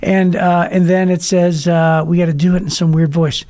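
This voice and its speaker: A man's voice: high voice, level tone, normal speed, darkish tone. A man co-hosting a faith podcast in casual chat, playful and rambling. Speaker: podcast co-host.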